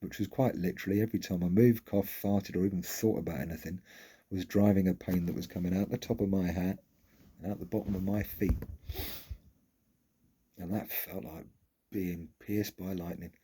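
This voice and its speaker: Low, husky man, frankly telling his story. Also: steady tone, moderate pace, dark tone. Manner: frank and candid, swears casually. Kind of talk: personal storytelling vlog.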